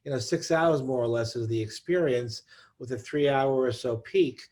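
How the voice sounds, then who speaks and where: A man answering on a discussion panel about research, thoughtful and halting, with many restarts. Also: medium pitch, a little mellow. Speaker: psychedelic researcher.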